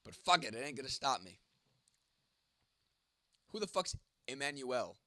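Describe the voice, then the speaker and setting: A congested young man with a cold talks straight at his chat, blunt, teasing and swearing nonstop. His voice comes across bright and forceful. It sounds close and dry, with no room around it. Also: medium pitch, very animated, a little slow, no echo. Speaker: livestream host answering chat. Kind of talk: casual profane chat.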